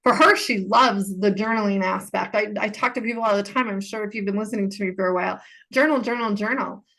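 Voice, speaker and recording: Woman, podcast host and coach; earnest, conversational, mid pitch, repeats phrases for emphasis. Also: fairly even intonation, fast talker, vocal fry, sharp tone. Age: adult. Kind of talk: casual solo podcast talk.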